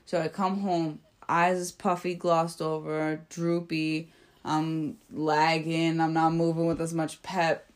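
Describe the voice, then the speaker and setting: A woman's voice: low-pitched, little pitch movement, takes it slowly. A young adult woman telling a story in casual, profane podcast chat, laid-back and laughing often.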